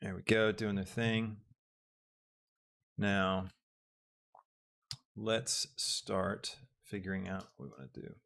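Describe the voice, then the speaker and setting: Gravelly low-voiced man thinking aloud. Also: level tone, slow, pauses often, fairly bright tone. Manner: meandering, thinks aloud with many ums. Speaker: software tutorial host. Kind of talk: live-streamed casual tutorial.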